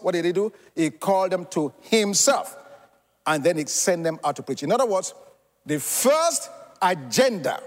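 Preaching man with a lively, high voice. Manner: preaching with dramatic pauses and repetition. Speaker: pastor. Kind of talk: sermon. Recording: long hall reverb.

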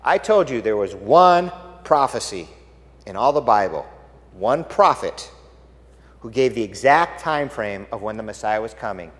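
A man preaching a sermon, telling the story dramatically and swinging from hushed tones to loud exclamations. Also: fairly low pitch, lively intonation, unhurried, big-room sound. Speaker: pastor.

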